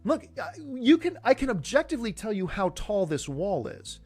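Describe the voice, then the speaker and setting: A man's voice: high-pitched, very animated, normal speed, a little mellow. A man giving an exasperated, sarcastic rant as an online movie commentator. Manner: exasperated and sarcastic, mocks others in put-on voices. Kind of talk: ranting commentary.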